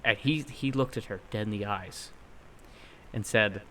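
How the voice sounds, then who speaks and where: Young male podcast co-host, animated, swears, performs quoted lines loudly. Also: on the low side, a little slow, a little hiss or hum. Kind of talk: casual storytelling chat.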